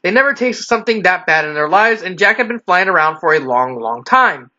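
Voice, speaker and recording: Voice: mid-range voice, expressive, fairly quick, pushed and bright. A fan reader reading a story aloud in a casual way, often stumbling and correcting themselves, over a dull lo-fi recording.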